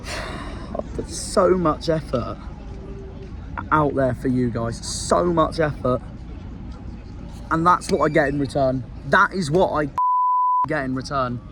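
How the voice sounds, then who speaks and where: A man's voice: fairly high pitch, slow, pauses often, noisy background. A man, a football fan vlogger ranting outdoors by a marina, angry and despondent, with swearing. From South West England. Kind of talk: fan rant vlog.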